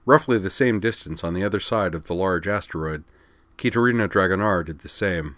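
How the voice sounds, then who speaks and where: A man narrating a sci-fi audiobook in an even, measured reading. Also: low-pitched, no room sound.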